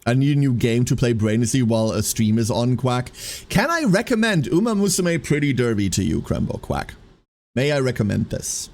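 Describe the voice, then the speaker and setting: A man chatting casually on a live stream, rambling and animated, who tacks a running 'quack' onto his lines. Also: medium pitch, moderate pace.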